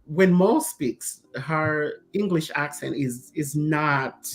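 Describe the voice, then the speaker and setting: A woman co-hosting a casual talk show, telling stories with lively quoted voices and frequent laughs. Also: deep voice, slow pace. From Zambia. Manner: animated storyteller, acts out quoted voices, laughs often. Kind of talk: casual chat.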